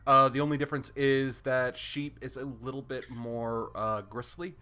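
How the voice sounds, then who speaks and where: A man talks loosely over a livestreamed game, tripping over his words and repeating himself as he hunts for the next phrase. His voice is bright and forward at a middling pitch, close to a desk mic. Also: flat delivery, normal speed. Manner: stammering, repeats words as he searches for them. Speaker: streamer. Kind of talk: casual chat while livestreaming a game.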